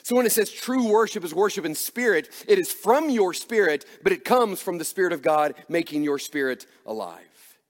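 A man's voice: high voice, expressive, moderate pace. Earnest preaching man in reverberant church. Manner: earnest, emphatic preaching with rhetorical questions. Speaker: pastor. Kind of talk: sermon.

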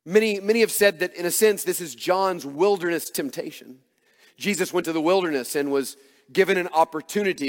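A man's voice: sits high, a little fast, in a large hall. A man preaching a sermon, earnest and emphatic, asking rhetorical questions as he explains a passage. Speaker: pastor.

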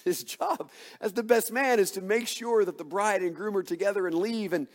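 A male pastor preaching a sermon, emphatic and full of rhetorical questions, swinging between hushed and loud delivery. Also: sits high, normal speed. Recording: long hall reverb.

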